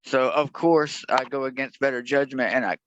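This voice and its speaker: A man's voice: medium pitch, fairly even intonation, normal speed, a bit bright, highs cut off, slight background noise. A young man telling a rambling, profane, jokey story in a casual podcast chat.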